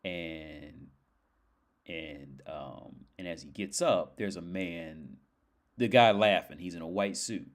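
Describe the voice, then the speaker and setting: A man's voice: deep voice, takes it slowly. A man hosting a livestream, telling a story in a rambling, profane way with lots of fillers. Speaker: livestream host. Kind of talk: casual livestream chat.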